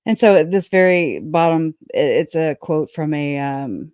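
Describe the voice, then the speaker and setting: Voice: mid-range voice, animated, unhurried, a little mellow, smooth, no echo. Chatty livestream host, dry sound. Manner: chatty, laughs often, breaks off to talk to chat; loose, folksy speech with many restarts. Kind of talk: casual livestream commentary, reading aloud.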